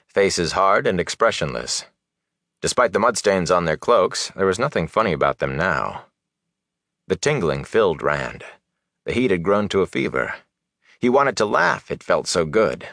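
Deep-voiced male fantasy narrator. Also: normal speed, creaky, no room sound, clean studio sound. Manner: expressive, dramatic. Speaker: audiobook narrator.

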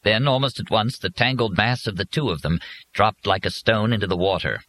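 A man narrating an audiobook with an expressive reading. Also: lowish voice, a little fast, slight background noise, rough recording.

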